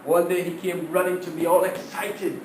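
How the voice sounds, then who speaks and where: A man giving a prepared humorous speech to his class, telling stories in an animated way and laughing at his own jokes, heard from across a classroom. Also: high voice, moderate pace, reverberant, far from the mic, background noise.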